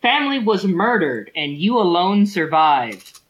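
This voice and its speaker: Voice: medium pitch, sing-song, a little slow, lo-fi sound, slight background noise. A game master running a tabletop role-playing game, explaining the setting at length with many ums and restarts.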